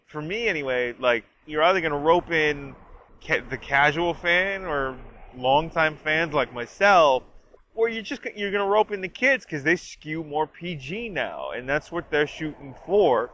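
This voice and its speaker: A man's voice: fairly high pitch, sharp tone, a little hiss or hum. A man casually reviewing a trailer as a wrestling fan, talking loosely with lots of filler words. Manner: rambling, heavy use of fillers like "like" and "you know". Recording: dull lo-fi sound.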